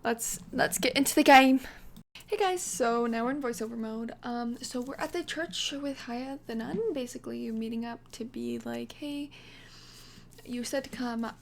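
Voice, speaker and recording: A young woman casually narrating her life-simulation game story, chatty and excitable with many fillers and little gasps. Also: a little high, moderate pace, vocal fry. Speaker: Sims gameplay vlogger.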